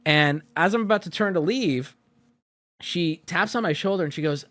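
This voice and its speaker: A man streaming, telling a story to his chat in a casual, animated way, jumping between loud outbursts and low mutters. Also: normal speed, no room sound.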